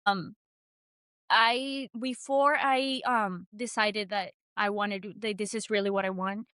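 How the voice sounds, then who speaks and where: A woman's voice: mid-range voice, measured pace, smooth, no echo, clean studio sound. A young woman from Mexico, a guest telling her story in earnest, casual talk, full of restarts. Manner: earnest, animated, with frequent restarts and "like".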